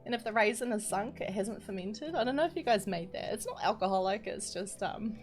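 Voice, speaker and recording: A woman's voice: mid-range voice, animated, fairly quick, hardly any pauses. A young woman, chatting casually and giggling as she streams a building tutorial and reads out her chat. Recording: music playing behind.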